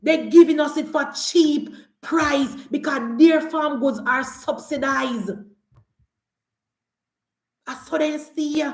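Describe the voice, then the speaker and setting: Emphatic Jamaican woman, high, echoey. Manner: emphatic, repetitive, argumentative. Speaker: political commentator. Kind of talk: live political commentary show.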